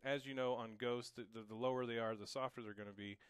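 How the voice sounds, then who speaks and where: A man's voice: medium pitch, steady tone, fast talker, very noisy. A young man giving a casual, encouraging drum lesson, explaining each pattern and counting it aloud. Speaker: drum teacher. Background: drum kit.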